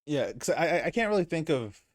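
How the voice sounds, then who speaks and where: A man's voice: fairly high pitch, sing-song, brisk, dry recording, clean studio sound. A man co-hosting a podcast in casual chat, stammering and teasing the others. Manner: stammering, teasing, laughs often. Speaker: podcast co-host and streamer.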